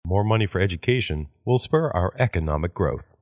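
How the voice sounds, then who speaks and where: A man reading English practice sentences aloud in a measured way for learners. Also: deep voice, expressive, darkish tone, no echo, clean studio sound. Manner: measured, repeats each sentence after the woman. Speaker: English phrase reader.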